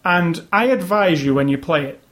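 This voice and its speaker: A man's voice: a little high, expressive, normal speed, a bit bright. A man casually chatting about video games as a podcast co-host, opinionated and rambling. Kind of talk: casual chat.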